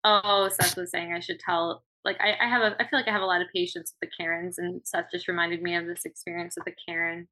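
Woman guest, chatty and upbeat, bright tone, low-leaning voice, video call. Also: little pitch movement, quick pace, hardly any pauses, rough recording. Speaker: podcast guest, restaurant server. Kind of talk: casual video-call chat.

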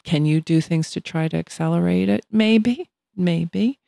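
A woman's voice: lowish voice, measured pace, gravelly, dark tone, no room sound, clean studio sound. A woman in her sixties co-hosting a casual talk show, speaking reflectively and thoughtfully. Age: 60s. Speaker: podcast co-host. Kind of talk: casual chat.

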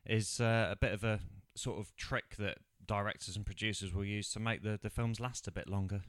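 A man's voice: on the low side, steady tone, brisk, fairly bright tone, smooth. A man, co-hosting a podcast, who laughs, agrees and fills in plot details in casual chat. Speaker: podcast co-host. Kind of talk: casual chat recapping a film.

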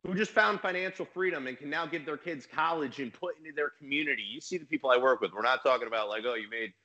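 A man, a business coach and mentor, talking in a casual podcast conversation with an energetic, emphatic manner. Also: a little high, fast, highs cut off.

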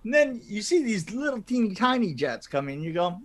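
Animated high-voiced man, laughing co-host. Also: brisk. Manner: animated, laughs often, acts out quotes. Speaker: podcast co-host. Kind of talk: casual movie review chat.

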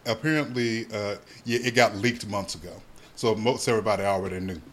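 Animated swearing man recapping a show. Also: lowish voice, a little fast. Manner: animated, swears freely, acts out characters' lines. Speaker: podcast co-host. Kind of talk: casual chat recapping a soap opera.

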